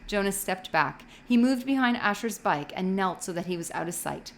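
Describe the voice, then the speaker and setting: Brief: woman narrator reading a novel aloud, expressive, mid-pitched, faint hiss behind. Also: moderate pace. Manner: expressive reading with occasional slips. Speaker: reader.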